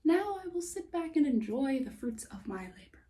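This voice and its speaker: A woman's voice: high voice, very animated, moderate pace, dark tone. A woman voicing a content, self-satisfied little pig with a pleased, lilting manner. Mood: smug.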